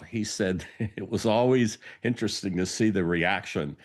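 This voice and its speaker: A man's voice: sits low, measured pace, a little mellow. A man hosting a podcast, telling an anecdote in a storytelling monologue and acting out the lines of the people in it. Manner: anecdotal, acts out quoted dialogue. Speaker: podcast host.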